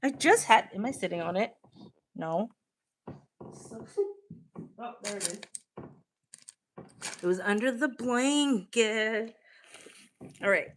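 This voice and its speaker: A woman's voice: fairly high pitch, slow pace, long pauses, slight background noise. A young woman with a Boston accent, chatting casually on a live stream, swearing freely and answering her chat. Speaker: livestream host. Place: home, on a couch with a blanket.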